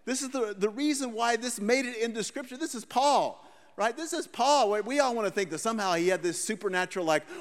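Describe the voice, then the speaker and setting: A man's voice: sits high, in a large hall. A man preaching a sermon, reading scripture and retelling it in a loose, joking everyday voice. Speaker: pastor.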